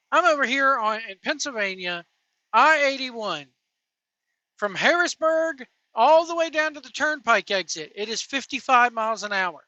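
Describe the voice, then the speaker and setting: A woman with a high, bright voice rants about wrestling from behind the wheel. She is profane and mocking, with a sarcastic edge. The sound is close and dry. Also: no echo, dull audio. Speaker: wrestling commentary vlogger. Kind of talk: ranting reaction commentary while driving. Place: in a vehicle.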